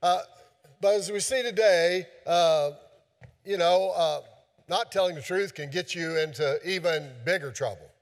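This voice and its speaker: Folksy pastor preaching in a reverberant hall. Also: male voice, high voice, unhurried. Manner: folksy, many fillers and restarts. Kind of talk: sermon.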